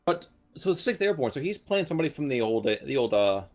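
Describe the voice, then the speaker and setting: A male game caster trading jokey banter with his co-host over a war strategy replay. He talks fast at a mid pitch and keeps things playful. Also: very animated.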